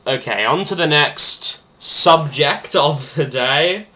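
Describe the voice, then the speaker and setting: Male podcast host, bright tone, rambling and excitable, heavy on fillers. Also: a little high, takes it slowly. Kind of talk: casual solo podcast chat.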